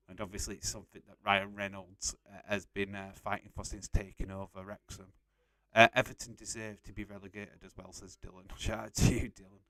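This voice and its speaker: A man's voice: fairly low pitch, bright, forceful tone, no echo. A young man casually hosting a live stream, reading out and answering chat messages and laughing often.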